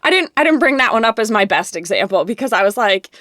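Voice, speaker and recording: A woman co-hosting a podcast, telling stories in casual chat with an animated, exasperated manner. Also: a little high, fast, no room sound, studio quality. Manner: animated storytelling, exasperated asides. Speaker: podcast co-host.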